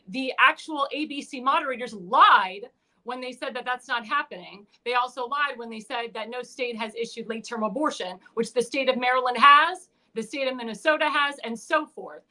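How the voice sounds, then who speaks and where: A woman hosts her own livestream show and speaks in an impassioned political commentary style. Her voice is high and bright. She stumbles now and then, with fillers and restarts. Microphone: home livestream mic.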